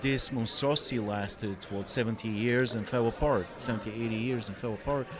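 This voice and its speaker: A man on a podcast panel, opinionated and rambling, getting loud when he jokes. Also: medium pitch, fairly quick. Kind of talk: casual panel chat. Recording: crowd noise behind.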